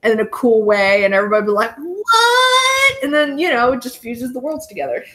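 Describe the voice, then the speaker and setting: A young adult woman, a guest on a casual podcast chat, telling stories excitedly and laughing often. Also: on the high side, fast.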